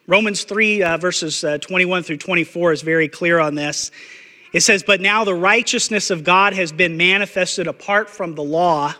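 Blunt, high-voiced man preaching in a hall. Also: normal speed, pushed and bright. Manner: blunt, emphatic preaching with repetition and fillers. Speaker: pastor. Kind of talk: sermon.

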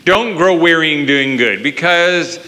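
A middle-aged man telling a family story in a sermon, animated, his voice climbing high when he gets worked up. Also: measured pace, in a large hall. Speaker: speaker at church.

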